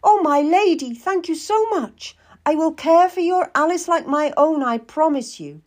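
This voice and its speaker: A woman's voice: medium pitch, wildly swooping pitch, moderate pace, a little mellow, breathy edge. A woman voicing an eager, grateful young maidservant with a breathless, earnest manner. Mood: overjoyed.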